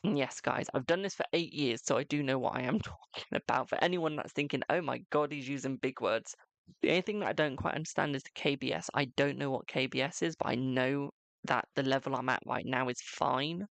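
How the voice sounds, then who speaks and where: Casual British male streamer, gravelly tone, dry close sound, chatty and self-deprecating. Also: medium pitch, fairly quick, fairly bright tone, no echo. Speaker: tarot reader and live streamer. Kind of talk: casual live-stream chat.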